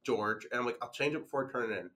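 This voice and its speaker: A young man on a podcast telling a school story in a casual, animated way, laughing as he goes. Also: medium pitch, rapid-fire. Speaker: podcast guest.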